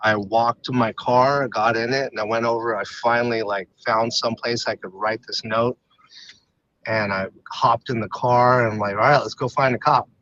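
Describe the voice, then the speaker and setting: Man, podcast guest, frank and halting, ordinary mid pitch, dull dry recording. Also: steady tone, a bit bright, no room sound. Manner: halting, open, many fillers and restarts. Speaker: podcast guest, retired MMA fighter. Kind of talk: candid personal storytelling.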